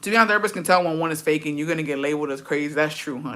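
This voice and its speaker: A young woman with a bright, forward voice talks casually to her livestream audience. She is blunt and profane, swears freely, and runs her sentences together in a loose, chatty rhythm. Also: deep voice, very fast. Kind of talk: casual chat answering viewer comments.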